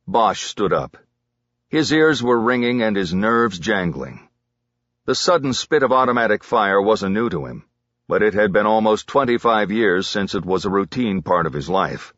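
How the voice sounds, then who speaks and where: Man narrating a crime audiobook, lowish voice, lots of ups and downs, dry dull sound. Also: lively intonation, normal speed, fairly bright tone, dry recording.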